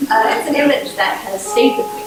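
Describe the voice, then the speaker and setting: A woman's voice: fairly high pitch, brisk, very noisy. A woman telling a true story on a small theater stage, candid and wry, laughing at herself. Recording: echoey room recording from far off, with music.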